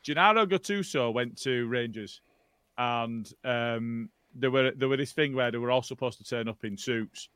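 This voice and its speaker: Teasing podcast guy, dry close mic, middle pitch. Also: moderate pace, fairly bright tone, smooth, no room sound. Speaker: podcast co-host. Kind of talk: casual chat.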